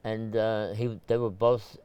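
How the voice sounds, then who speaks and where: An older man from Brooklyn who speaks. His voice sits low and sounds smooth and resonant. He tells stories in a loose, rambling way, with many fillers, restarts and throat-clearing. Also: little pitch movement, unhurried, no echo, lo-fi sound. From Brooklyn, New York. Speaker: photographer, interview guest. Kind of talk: casual storytelling interview.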